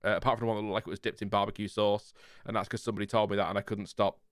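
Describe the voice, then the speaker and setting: A man with a Lincolnshire accent hosts a casual livestream, reading out viewer comments in a calm, fairly flat voice, rambling and laughing often. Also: fairly low pitch, rapid-fire, dry recording, clean studio sound. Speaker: livestream host.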